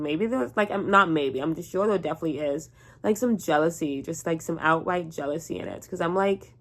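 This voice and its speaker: Young woman, slightly low voice, sleepy, rambling, casual swearing, vlog. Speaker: vlogger. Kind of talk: casual rant to camera.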